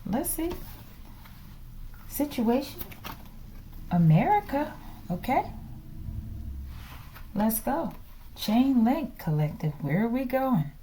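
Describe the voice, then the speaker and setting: A woman's voice: on the high side, big pitch swings, takes it slowly, long pauses, dark tone, slight background noise. A woman giving a channeled tarot reading to her viewers, chatty, laughing often and dropping into whispers. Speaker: tarot reader.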